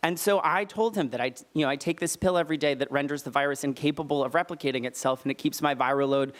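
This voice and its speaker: A man telling a personal story live on stage at a storytelling night, candid and earnest, with lively emphatic retellings of dialogue, into a stage microphone. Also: fairly high pitch, fast talker.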